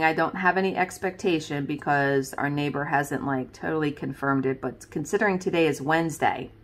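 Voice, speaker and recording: A woman's voice: deep voice, a bit bright. A woman chatting casually to viewers as she works on a craft, rambling with lots of fillers and laughs. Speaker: craft video host. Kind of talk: casual chat while crafting.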